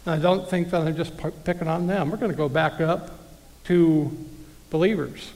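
A male preacher with a somewhat high, gravelly voice delivers a sermon in a casual, conversational way. He reads scripture aloud and speaks straight to his listeners. A long reverb from the hall trails behind his words. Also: moderate pace, a little mellow.

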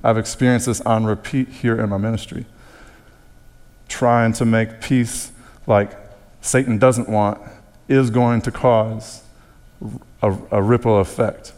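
A man's voice: fairly low pitch, fairly even intonation, takes it slowly, darkish tone, clean tone, big-room sound. A male pastor preaching a sermon in an earnest tone. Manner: earnest, breaks into playful mock voices.

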